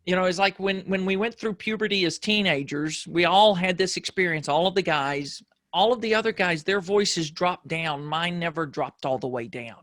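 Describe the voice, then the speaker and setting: A man whose voice sits higher than most men's, telling stories in a reflective, casual conversation as a podcast guest. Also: moderate pace, hardly any pauses, fairly bright tone, no room sound, clean studio sound. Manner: reflective storyteller.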